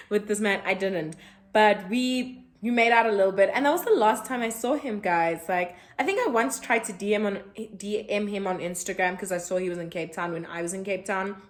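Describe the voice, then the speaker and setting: Chatty South African woman in her twenties. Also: a little high. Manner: chatty, animated, acts out dialogue in a sassy voice. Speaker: vlogger. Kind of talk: storytime vlog.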